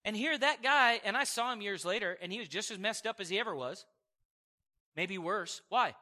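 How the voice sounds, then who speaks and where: A man in his forties delivers a sermon to a church congregation. His voice sits high and rings very bright and sharp. He tells stories with lively swings and quick acted-out quotes. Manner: animated, storytelling with acted-out quotes and chuckles. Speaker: preacher. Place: church service before a congregation.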